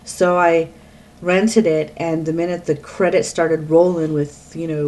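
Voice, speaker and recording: A woman's voice: low voice, level tone, measured pace, dark tone, slight background noise. A middle-aged woman from the US East Coast, chatting alone to her webcam at home in a rambling way, often breaking off mid-sentence. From Pennsylvania, US East Coast. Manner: rambling, chatty, self-interrupting. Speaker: vlogger. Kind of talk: casual talk to webcam.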